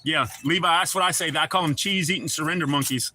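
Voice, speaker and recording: A man's voice: on the high side, fast, sharp tone, a little hiss or hum. A man hosting a livestream, chatting casually and profanely with viewers and joking around. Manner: profane, joking, talks back to chat. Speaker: livestream host.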